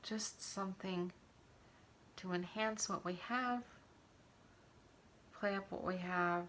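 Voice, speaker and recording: A woman's voice: medium pitch, slow, a little hiss or hum. A woman chatting casually through a makeup tutorial at home, talking while she applies it. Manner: chatty, relaxed, talks while applying makeup.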